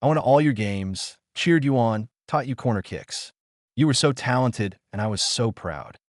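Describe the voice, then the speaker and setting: A man's voice: mid-range voice, animated, moderate pace, no room sound, studio quality, natural voice. Man reading as a pleading secret father. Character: secretive middle-aged biological father.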